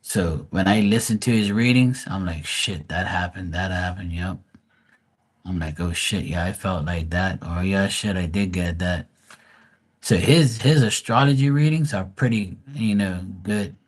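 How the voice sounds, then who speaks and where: A man's voice: deep voice, a little slow, pauses often. A man chatting casually on a livestream, blunt and profane, rambling with frequent restarts. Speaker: live stream host.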